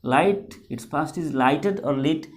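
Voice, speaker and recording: A man's voice: fairly high pitch, slow. A man, teaching a story line by line as a teacher, repeating and rephrasing words with many fillers. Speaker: English teacher. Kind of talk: classroom lecture explaining a story.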